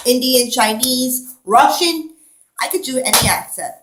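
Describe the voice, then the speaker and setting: A woman's voice: sits high, a little slow, background noise. A woman vlogger in a rambling, digressive monologue, talking candidly and a little wheezy.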